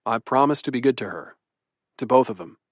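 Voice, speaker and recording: A man's voice: medium pitch, expressive, a little fast, no echo. A young man narrating a romantic comedy audiobook in first person, wry and self-deprecating. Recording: dry studio booth.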